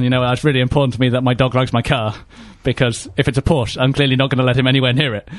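A man's voice: mid-range voice, little pitch movement, racing, no room sound. Rambling joking man, dry sound. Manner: rambling, joking, many fillers. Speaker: podcast co-host. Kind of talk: casual comedic chat.

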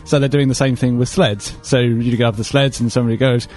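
A man's voice: medium pitch, steady tone, fast, few pauses, darkish tone, faint music behind. A man, a guest on a radio show, chatting in a dry, rambling, self-mocking way. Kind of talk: casual radio chat. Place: radio studio.

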